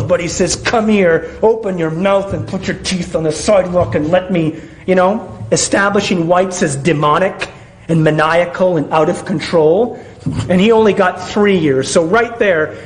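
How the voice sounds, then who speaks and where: A man's voice: high-pitched, poor audio. A man giving a sarcastic film commentary monologue, often restarting his sentences.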